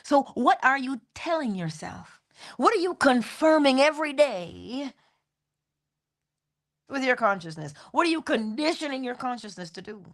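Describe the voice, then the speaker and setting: A middle-aged woman giving an inspirational spiritual talk, repeating phrases rhythmically and laughing often. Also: moderate pace. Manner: animated, swoops high in pitch, laughs often. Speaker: inspirational speaker.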